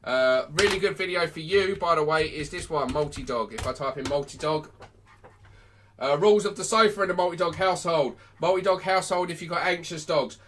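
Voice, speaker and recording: A man's voice: on the high side, a little fast, a bit bright, slight background noise. A man, a dog trainer giving blunt, sweary advice on a live stream.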